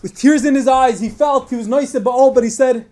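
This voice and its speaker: A man with a high voice delivers a storytelling sermon at a religious program. He speaks earnestly, and the emotional weight of his telling keeps building. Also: brisk, darkish tone. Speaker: speaker at a Tisha B'Av program.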